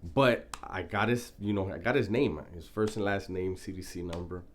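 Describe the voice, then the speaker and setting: A man's voice: deep voice, normal speed, slight background noise. A man telling a prison story in a laid-back, profane, casual way, often breaking into laughter.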